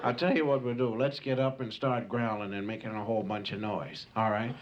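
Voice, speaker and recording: A man voicing a scheming male saber-toothed tiger in a low, drawling, conspiratorial voice, on a hissy home tape. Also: steady tone, a little fast, dull audio, natural voice.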